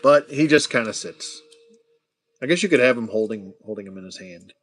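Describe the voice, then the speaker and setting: A man casually chatting and joking to himself as he builds toy figures on a livestream, sometimes dropping to a hushed whisper. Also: on the low side, lively intonation, normal speed. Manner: chatty, jokey, talks to himself while building. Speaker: toy collector host.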